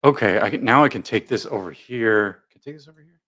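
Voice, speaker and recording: A man's voice: lowish voice, quick pace, fairly bright tone. A man hosting a casual live commentary stream, joking, rambling, and reading viewer comments aloud.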